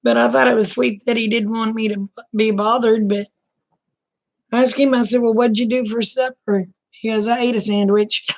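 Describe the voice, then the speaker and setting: A middle-aged woman with an Oklahoma accent, hosting a casual late-night livestream chat and talking to viewers by name, her throat a bit rough. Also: a little high, moderate pace. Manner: relaxed, folksy, talks to viewers by name. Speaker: livestream host chatting with viewers.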